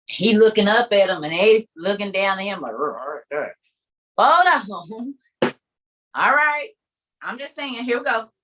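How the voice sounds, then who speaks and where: A woman preaching in a lively, conversational way on a video call. She acts out scenes as she tells them, laughs often and keeps turning to her listeners with emphatic repeats. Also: medium pitch, moderate pace. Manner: emphatic and repetitive, addressing listeners directly. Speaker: speaker leading an online group meeting.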